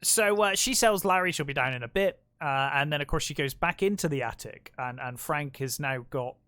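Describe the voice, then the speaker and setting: A man's voice: on the high side, moderate pace, bright, forceful tone, clear, resonant tone, no room sound. A man co-hosting a film podcast, casually retelling scenes and acting out the characters' lines. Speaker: podcast co-host.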